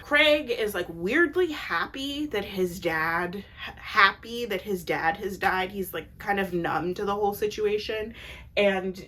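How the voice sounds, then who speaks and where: A woman's voice: mid-range voice, unhurried, bright, forceful tone. Chatty young woman recapping a show. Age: young adult. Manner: chatty, peppered with "like", blunt opinionated asides. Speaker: TV recap vlogger. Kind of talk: casual episode recap.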